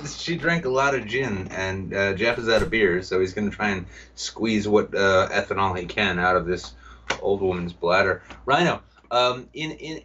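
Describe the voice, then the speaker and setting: A man's voice: fairly low pitch, a bit bright, a little hiss or hum. A man co-hosting a live-streamed podcast, teasing his guests in casual banter and slipping into silly voices for quoted bits. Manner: joking, teasing, quick voice switches for quoted bits. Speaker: co-host. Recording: dull lo-fi sound, a bit distant from the mic.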